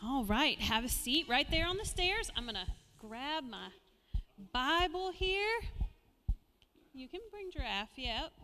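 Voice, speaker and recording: A woman giving a children's sermon in a church sanctuary, talking gently and playfully to small children. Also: high-pitched, sing-song, takes it slowly, big-room sound, slight background noise. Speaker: children's message leader.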